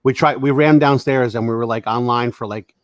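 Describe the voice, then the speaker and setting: A man co-hosts a casual podcast and tells loose, laughing anecdotes. His voice is mid-pitched, and the recording is dry with no room sound. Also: fairly even intonation, brisk, dry recording. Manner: storytelling, laughing at his own tales. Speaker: podcast co-host.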